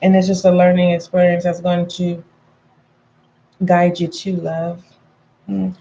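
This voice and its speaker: A woman's voice: lowish voice, monotone, measured pace, mellow, dull audio, a little hiss or hum. A woman giving a casual tarot reading to her viewers, chatty and frank, calling them pet names and repeating points for emphasis. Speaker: tarot reader.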